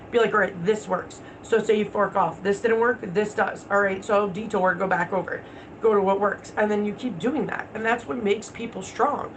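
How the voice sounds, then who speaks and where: A woman's voice: mid-range voice, a little hiss or hum, poor audio. A woman hosting a casual livestream, talking bluntly with plenty of swearing and answering viewer comments. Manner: blunt, profane, talks back to viewer comments. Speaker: livestream host.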